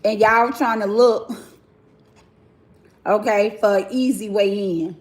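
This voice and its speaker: Blunt and sassy, a woman in her forties talks directly to her chat while hosting live-stream commentary. She draws out her words in a medium-pitched voice with fairly even intonation, and the recording is reverberant.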